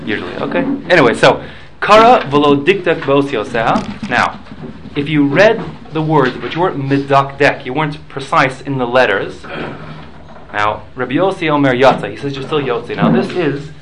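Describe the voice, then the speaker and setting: Halting man teaching a Talmud class. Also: mid-range voice, animated, a bit bright, slight background noise, poor audio. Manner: halting, repeats words, explains with examples.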